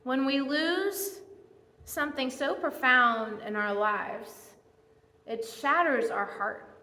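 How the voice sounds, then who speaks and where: A woman giving a church sermon who tells personal stories in an animated, chatty, self-mocking way. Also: high-pitched, slow pace. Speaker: guest speaker at church. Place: church sanctuary. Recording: echoey church hall reverb.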